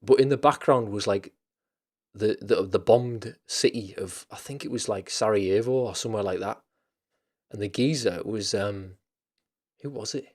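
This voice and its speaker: A man's voice: lowish voice, normal speed, a little mellow. A man hosting a casual chat stream, rambling loosely with lots of fillers, restarts and casual swearing.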